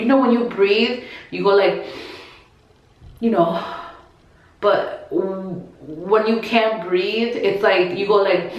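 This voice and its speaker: A woman's voice: medium pitch, takes it slowly, pauses often. Chatty woman in a very echoey room. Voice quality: chatty, filler-heavy, many restarts and acted quotes. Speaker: vlogger. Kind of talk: casual personal storytelling to camera.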